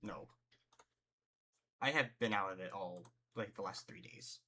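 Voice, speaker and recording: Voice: sits low, a little slow, sharp tone. A game master running a tabletop game, giving brief, curt answers and voicing a town guard.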